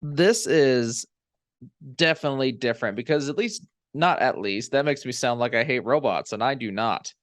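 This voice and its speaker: A man's voice: medium pitch, lively intonation, moderate pace, a bit bright, dry recording, clean studio sound. A man co-hosting a comedy podcast, reading a news item aloud with joking asides. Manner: laughs often, reads aloud with asides. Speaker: podcast co-host. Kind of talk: casual comedy chat, reading news story.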